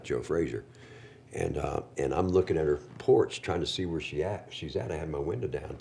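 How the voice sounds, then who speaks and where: A man's voice: rumbling low, gravelly, darkish tone, a little hiss or hum. A man telling his recovery story as a podcast guest, candid and emotional, full of slang like bro and dude.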